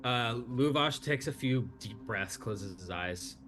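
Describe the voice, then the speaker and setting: A man running a tabletop game, narrating scenes in a relaxed, halting way with plenty of fillers. His voice sits in an ordinary middle pitch. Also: music in the background. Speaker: game master.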